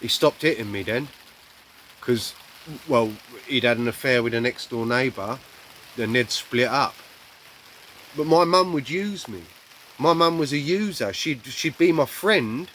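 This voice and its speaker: A man telling a raw personal story bluntly, swearing heavily and acting out shouts and quoted lines. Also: medium pitch, lively intonation, a little slow, pauses often, a little hiss or hum.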